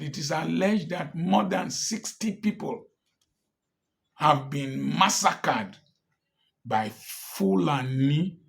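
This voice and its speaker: A man giving impassioned political commentary, firing off repeated pointed rhetorical questions. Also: a little high.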